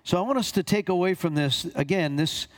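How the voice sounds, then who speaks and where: A male pastor delivers a sermon in a slightly higher-than-usual voice. He reads scripture passages aloud and pauses to comment, repeating key phrases for emphasis. His pitch jumps on quoted lines.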